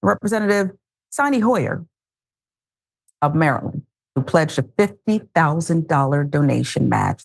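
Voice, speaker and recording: A woman's voice: sits low, lively intonation, normal speed, vocal fry, pauses often, slightly rough. A woman hosting a news commentary show, reading headlines casually with wry, joking asides.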